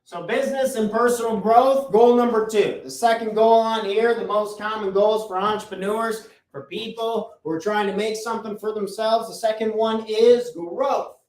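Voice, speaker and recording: A man hosting a motivational business talk at a chalkboard, energetic and repeating key phrases for emphasis. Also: sits high, moderate pace, few pauses, recorded from a distance. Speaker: business coach and podcast host. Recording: roomy echo, voice off-mic.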